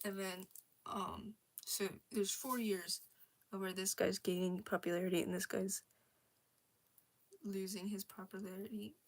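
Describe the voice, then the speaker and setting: A woman's voice: medium pitch, fairly even intonation, a little slow, long pauses. A young woman casually rambling about her original characters, with many fillers, restarts and giggles. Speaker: storyteller.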